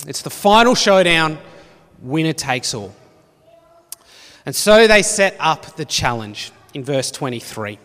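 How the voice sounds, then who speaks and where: A man's voice: fairly high pitch, unhurried. Preacher man in an echoing hall. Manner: expressive Bible reading with dry humour. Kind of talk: sermon. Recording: long reverb of a hall.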